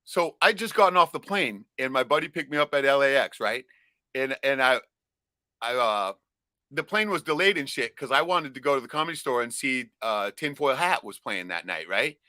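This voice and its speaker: A man from Alaska telling a profane, rambling story in a casual podcast chat, loudly acting out his own shouts. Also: medium pitch, animated, moderate pace, no echo. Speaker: podcast co-host.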